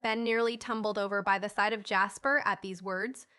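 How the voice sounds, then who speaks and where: A woman narrating a classic children's novel as an audiobook, voicing the dialogue lively. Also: medium pitch, moderate pace, smooth.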